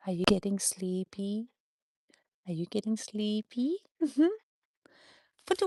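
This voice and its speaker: A woman chatting with viewers on a livestream while playing with her dogs, slipping into high sing-song praise for them. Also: fairly bright tone, no room sound, clean studio sound. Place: outdoors on a rural property with dogs.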